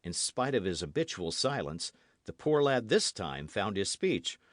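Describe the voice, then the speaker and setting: Brief: male narrator, lively intonation, dry close studio sound. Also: lowish voice, measured pace, dry recording. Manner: expressive, animated reading. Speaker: audiobook narrator. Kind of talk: scripted narration.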